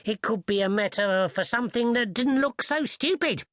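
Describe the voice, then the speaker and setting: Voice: medium pitch, normal speed, a bit bright, no room sound, clean studio sound, voice pushed up, close to an everyday voice. A reader voicing a polite, earnest young boy who speaks in a posh and deferential way. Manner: polite and deferential, says sir.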